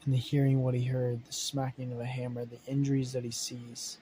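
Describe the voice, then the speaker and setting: A man's voice: mid-range voice, level tone, brisk, dark tone, a little hiss or hum, low-quality recording. A man casually narrating an improvised superhero story, rambling with many fillers, self-corrections and swearing.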